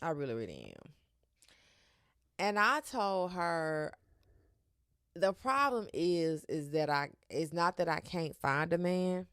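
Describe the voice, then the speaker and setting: A woman's voice: lowish voice, slow, pauses often, clear, resonant tone, dry recording. Sassy lady doing her solo podcast, lots of slang, dry close sound. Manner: sassy, animated, with slang and cursing. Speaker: podcast host. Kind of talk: casual solo podcast talk.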